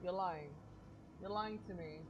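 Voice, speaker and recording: A woman's voice: lowish voice, a little slow, dull audio, background noise. A young woman streaming games live, swearing constantly and ranting at the game when it frustrates her.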